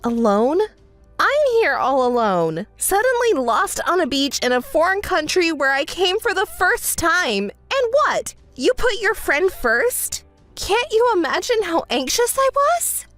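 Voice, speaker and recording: A woman's voice: high voice, very animated, measured pace, a bit bright, faint music behind, full character voice. A woman voicing an exasperated young bride. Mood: scolding. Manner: exasperated, scolding. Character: young bride, hurt and indignant wife. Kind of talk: text-message story narration.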